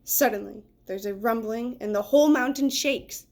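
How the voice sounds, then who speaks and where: A woman's voice: on the high side, darkish tone. Woman reading a children's book aloud. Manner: pauses to describe the pictures. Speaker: read-aloud storyteller.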